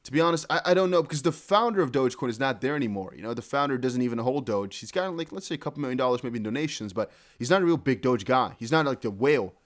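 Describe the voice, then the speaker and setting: A man hosting a casual live crypto news stream, excitably thinking aloud as he reads viewer chat and posts. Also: mid-range voice, quick pace, few pauses. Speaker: crypto news livestream host.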